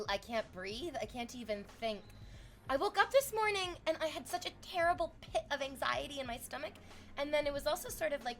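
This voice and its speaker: High, bright-voiced woman streamer. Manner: excitable, profane, shrieks and laughs at donations. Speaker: livestreamer. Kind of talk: casual livestream chat.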